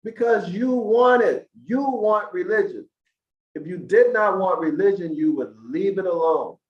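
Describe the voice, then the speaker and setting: A man with a slightly high voice lectures slowly and emphatically, his rising into preachy questions to the listeners. The sound is dull and lo-fi, and an echoey room rings around him. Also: lively intonation. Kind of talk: lecture to an online audience.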